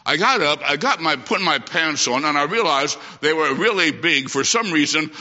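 Emphatic bright-voiced preacher in reverberant church. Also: male voice, a little high, expressive, normal speed. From Illinois. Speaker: traveling evangelist preacher. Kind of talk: sermon. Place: church sanctuary. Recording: dull lo-fi sound with long church reverb.

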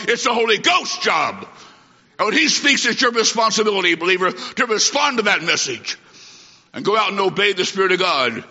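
This fiery sermon comes from a man with a high, very bright, forceful voice, speaking at normal speed with lively intonation. He swings from shouted declarations to soft asides, and the lo-fi, dull audio carries a long reverb from a large hall.

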